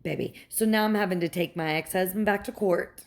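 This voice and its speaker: A young woman, a mother, in a heated and profane personal rant, sarcastic and quick to mock others. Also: fairly low pitch. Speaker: mother venting about her ex's family.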